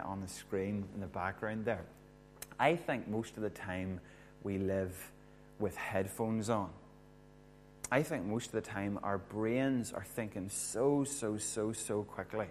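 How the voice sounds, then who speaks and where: A man's voice: lowish voice, measured pace, a little hiss or hum. A man preaching a sermon, talking in a conversational way and putting questions to his listeners. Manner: conversational, asks the audience questions. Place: church hall with a screen.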